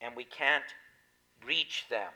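Bright-voiced man preaching emphatically. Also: mid-range voice, slow pace, low-quality recording. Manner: emphatic, rising to loud stresses then dropping quiet. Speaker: pastor. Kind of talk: sermon.

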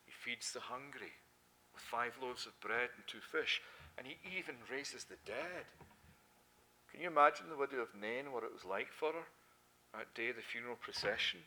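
A man preaching a sermon with a lilt, swinging between loud, fervent emphasis and soft, hushed passages. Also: mid-range voice, normal speed. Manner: impassioned, rising to loud emphasis then dropping to soft quiet.

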